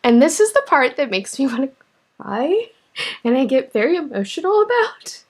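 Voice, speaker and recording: A woman knitting vlogger telling a personal story to camera in a casual, animated way, laughing often and getting emotional. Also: sits high, moderate pace.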